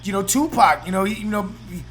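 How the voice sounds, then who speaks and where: A Bay man hosts a casual podcast. His voice is high and bright, and he rambles and swears easily. Faint background noise sits under the recording. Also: lively intonation, quick pace. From San Francisco Bay Area. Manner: rambling, constant "you know what I mean", swears freely. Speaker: podcast host. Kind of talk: casual chat.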